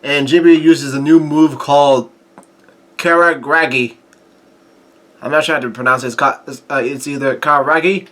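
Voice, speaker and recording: A man's voice: a little high, steady tone, a bit bright. A man recapping and reading a comic chapter aloud, often stopping, restarting and adding his own remarks along the way. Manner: halting, with frequent restarts and fillers. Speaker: manga reviewer.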